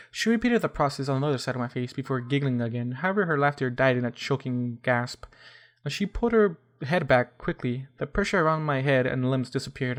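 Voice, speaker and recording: Guy reading a fanfic out loud, trips over words and redoes them, mid pitch. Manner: stumbling restarts and self-corrections. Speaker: fan fiction reader. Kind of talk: reading a story aloud.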